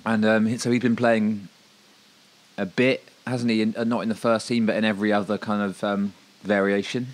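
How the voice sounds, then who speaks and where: A man's voice: fairly low pitch, little pitch movement, moderate pace. A man co-hosting a football podcast, talking in a rambling, hesitant way with many ums and restarts. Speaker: podcast co-host. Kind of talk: casual football chat.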